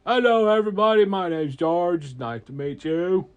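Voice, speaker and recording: Man doing a giant lonely dragon, friendly, eager to please, bedtime-story voice, slightly high, unhurried. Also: warm tone, dull audio, natural voice. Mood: pleading.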